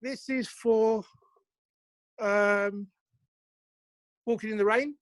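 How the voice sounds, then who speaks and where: A man from England, a musician guest, telling chatty anecdotes with quick asides over a video call from his home. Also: sits high, steady tone. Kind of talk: casual interview chat.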